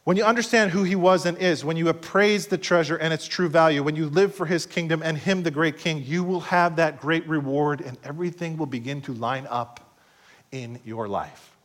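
A middle-aged pastor preaching a sermon, swinging between loud passages and hushed asides and acting out quoted voices. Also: male voice, fairly high pitch, normal speed. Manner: acts out quoted voices in short skits.

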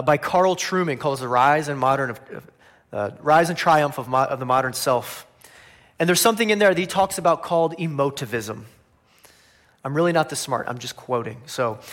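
A man preaching a sermon, animated, acting out voices of people he speaks of and dropping quietly at line ends. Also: fairly high pitch. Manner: animated, acts out quoted voices of biblical figures; swings between loud emphasis and quiet, dropping line ends. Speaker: pastor.

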